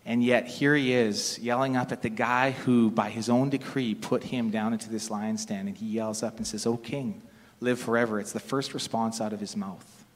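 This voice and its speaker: A man's voice: lowish voice, flat delivery, moderate pace, few pauses. A middle-aged man preaching a sermon in a conversational, storytelling way, sometimes restarting his sentences. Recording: long reverb of a large hall.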